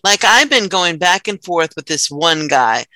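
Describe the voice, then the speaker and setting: Bright-voiced chatty woman in her fifties. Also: on the low side, a little slow, no room sound, low-quality recording. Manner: chatty, animated storyteller who laughs often. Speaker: podcast co-host. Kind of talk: casual chat.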